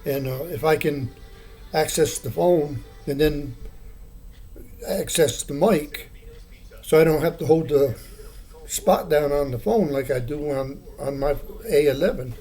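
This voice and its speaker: A man's voice: on the high side, measured pace, long pauses, mellow, soft background music. An older man talking casually to the camera in a meandering, plainspoken way, with many fillers and restarts. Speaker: vlogger. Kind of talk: casual rambling monologue.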